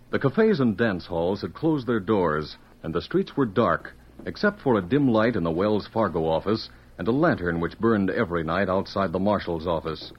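A man's voice: lowish voice, husky. A man narrating a radio drama with dramatic, tension-building delivery. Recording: muffled old radio recording with music. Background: music.

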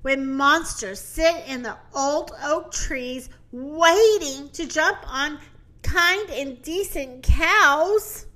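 A woman's voice: high-pitched, drawn-out words, pushed and bright, exaggerated voice. A woman doing a jittery storybook cow. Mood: spooked. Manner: jittery, spooked. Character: anxious imaginative female cow.

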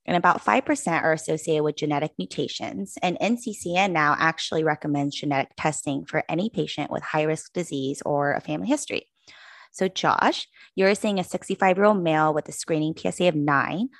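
Deep-voiced woman presenting cases. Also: brisk, no echo. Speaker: podcast co-host. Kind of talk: podcast chat and reading exam cases.

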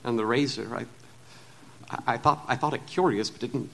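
A man playing a troubled, guilt-ridden gentleman doctor who stammers and talks in an earnest, formal way. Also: medium pitch, brisk, slight background noise, natural voice. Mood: shaken. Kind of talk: audio drama acting.

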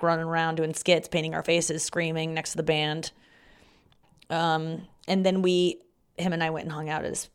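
A woman in her thirties with a slightly low voice rambles through a personal story on her own podcast. She talks loosely and candidly, swears freely, and jumps into the voices of the people in her story. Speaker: comedian podcast host. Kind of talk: casual storytelling monologue.

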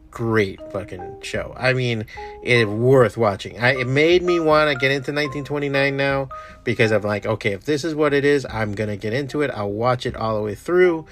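A man's voice: mid-range voice, a bit bright. Profane, rambling man chatting casually. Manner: profane, enthusiastic, trails off into mumbles. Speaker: comic artist streamer.

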